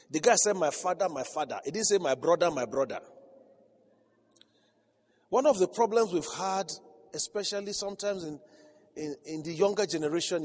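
A man's voice: sits high, darkish tone. A man preaching a sermon as a pastor, telling stories with frequent laughter and building to emphatic peaks. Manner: storytelling, laughing often, rising to emphatic crescendos. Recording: reverberant hall.

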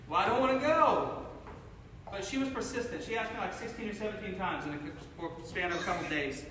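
A man from Cincinnati sharing his personal testimony with an audience, telling it intensely and swinging between loud and hushed. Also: high-pitched, fairly quick, noisy background. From Cincinnati, USA. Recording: echoey hall, mic from far off.

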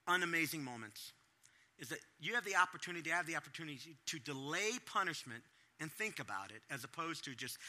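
A middle-aged male pastor giving a sermon to parents, animated and acting out his own reactions in different voices. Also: on the high side.

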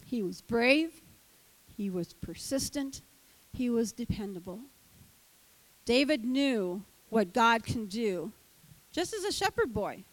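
An older woman who teaches Sunday school, giving an animated sermon and acting out the voices of the characters. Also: fairly high pitch, slow pace, long pauses, rough recording.

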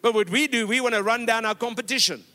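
A man's voice: very high-pitched, fast, pushed and bright, soft background music. A man pastor preaching a sermon in a church, exhorting the congregation and telling stories with quoted dialogue. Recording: long hall reverb.

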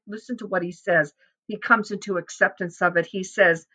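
A woman's voice: medium pitch, normal speed, bright, forceful tone. A middle-aged woman giving an earnest devotional Bible teaching, rising with feeling as she voices prayers. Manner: earnest, fervent, rising and swelling on quoted prayers.

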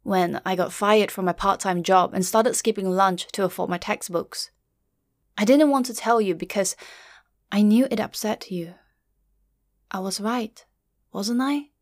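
A middle-aged woman tells a personal story in a quiet, measured voice with a grieving undertone. Her pitch sits in the middle range. The recording is dry and close, with no room sound. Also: dry recording. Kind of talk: first-person story narration.

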